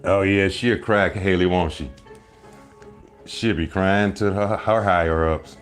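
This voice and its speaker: A man hosting a casual live stream, rambling loudly through jokes and teasing his viewers, often breaking into laughter. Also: low voice, a little slow, soft background music. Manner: loud joking rambles, bursts of laughter, mock voices.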